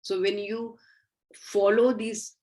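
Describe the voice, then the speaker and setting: A woman's voice: mid-range voice, level tone, slow pace, darkish tone, poor audio. Earnest woman lecturing medical students. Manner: earnest, instructive, with frequent fillers. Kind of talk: recorded lecture.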